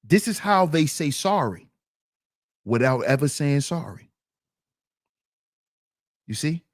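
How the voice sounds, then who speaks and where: A man talks over a clip with lively, swinging pitch and a slightly raised voice. He is emphatic and keeps prodding the listener. The sound is dry and close to the mic. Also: slow pace, dry recording. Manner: animated, emphatic, repeats "see". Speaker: commentary host. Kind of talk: casual commentary on a video clip.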